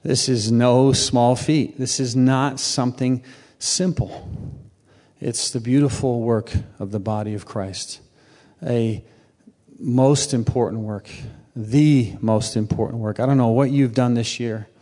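Passionate preacher in a reverberant hall. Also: male voice, mid-range voice, fairly even intonation, slow pace. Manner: passionate, with sudden rises and soft drops. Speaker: pastor. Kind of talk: sermon.

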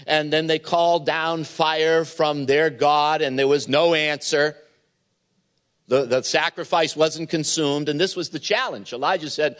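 A man's voice: a little high, fairly even intonation, a little slow, a bit bright. A man preaching a sermon as pastor, retelling a Bible story and acting out the voices in it.

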